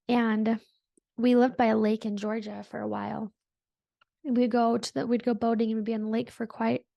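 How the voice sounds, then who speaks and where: Soft-spoken woman with a gravelly edge. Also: on the high side, no echo, clean studio sound. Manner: meandering, reflective, soft-spoken with frequent "like" fillers. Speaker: podcast host. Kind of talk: casual spiritual monologue.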